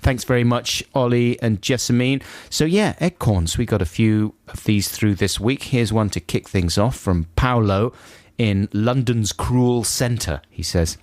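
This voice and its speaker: A man's voice: medium pitch, a little slow, few pauses, a little mellow, no echo. A man co-hosting a comic radio show, chatting and reading out listener emails, acting out the quoted lines. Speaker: radio co-host.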